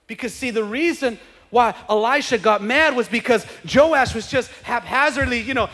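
A man preaching a sermon as pastor. He swings from quiet conversational asides to shouted preaching and acts out comic voices of churchgoers. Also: very high-pitched, lively intonation, moderate pace, in a large hall, a little hiss or hum. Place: church sanctuary.

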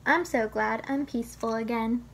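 Brief: a high-voiced little kid who flares up quickly, put on by a woman reader. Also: steady tone, creaky, slight background noise. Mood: relieved. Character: small child, quick to get upset.

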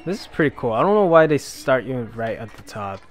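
A man's voice: medium pitch, big pitch swings, brisk, soft background music. Chatty young man commenting on gameplay. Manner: chatty, rambling, talks to game characters. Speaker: gaming YouTuber. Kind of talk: casual let's-play commentary. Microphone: desk microphone.

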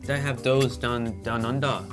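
A man's voice: medium pitch, flat delivery, measured pace, over music. A man tasting snacks and making goofy, rambling jokes in casual chat. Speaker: snack taster.

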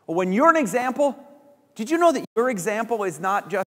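Animated pastor preaching in a reverberant hall. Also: male voice, sits high, fairly quick. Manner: animated, acts out little voices of people he quotes. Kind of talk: sermon. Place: church sanctuary.

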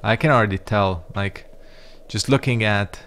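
Low-voiced man swearing through gameplay. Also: normal speed, fairly bright tone, a little hiss or hum. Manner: rambling, profane, reactive. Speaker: gaming YouTuber. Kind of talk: casual let's-play commentary.

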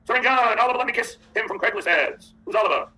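A male podcast host with a high, piercingly bright voice. He reads viewer chats aloud and answers them in a mocking, combative tone. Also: animated, quick pace, poor audio. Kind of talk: livestream chat reading.

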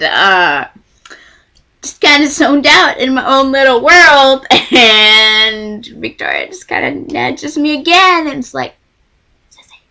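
A young woman from Texas telling a story to camera in a casual vlog, acting out what others said. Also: mid-range voice. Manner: animated, acts out the voices of others in her story. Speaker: vlogger.

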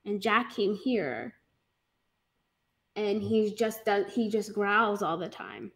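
A woman's voice: mid-range voice, animated, takes it slowly, creaky, a bit bright. A woman co-hosting a live stream, talking in a rambling, emotional way with laughs and sighs. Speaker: co-host. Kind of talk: casual chat on a live stream.

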